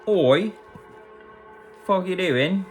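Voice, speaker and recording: A man voicing a cheeky, rough English bloke in a put-on English accent, with brash, slangy banter. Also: high-pitched, lively intonation, very slow, faint music behind, voice pushed up, exaggerated voice.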